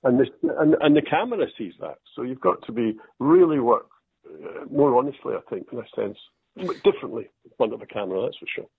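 An older actor from Scotland chats as an interview guest, telling stories at his own expense and animating the people he quotes with lively voices. His medium-pitched voice is brisk with a breathy edge, and the recording is dry and tinny, like a phone line.

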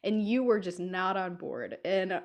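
A woman's voice: medium pitch, moderate pace. Chatty young woman telling stories. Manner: laughs often, chatty and storytelling. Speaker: podcast co-host. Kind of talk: casual chat.

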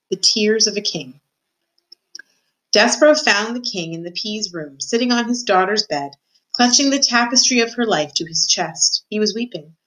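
A woman's voice: medium pitch, fairly bright tone, poor audio. A woman reading a children's novel aloud, as a student reading to an audience. She reads carefully and steadily, tripping over a word now and then. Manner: careful reading with occasional stumbles. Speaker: student reader.

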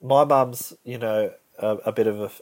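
A man's voice: mid-range voice, steady tone, moderate pace, no room sound. A young man co-hosting a podcast, telling stories in crude, laid-back slang. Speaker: podcast co-host. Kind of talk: casual banter.

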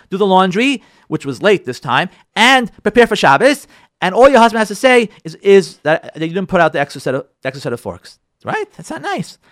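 A middle-aged man gives an emphatic talk on marriage as a rabbi and counselor. His voice is fairly high and swoops all over, as he speaks straight to his listeners. The sound is close and dry. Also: no room sound. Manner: lively, acts out spouses' quarrels in dialogue; addresses the audience directly, emphatic and repetitive. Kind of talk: lecture on marriage.

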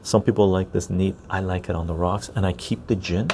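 A man's voice: low-pitched, steady tone, a little fast, noisy background. A man hosting a casual outdoor podcast, chatting easily with viewers and tagging his sentences with "right?". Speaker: podcast host. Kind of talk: casual chat while reading live chat. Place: outdoor patio garden.

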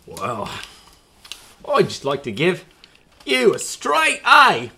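A fussy male professor, played by a man. He sounds prim and half-asleep, hushing his student. The pitch swoops around lively. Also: takes it slowly, slight background noise, full character voice. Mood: cheery.

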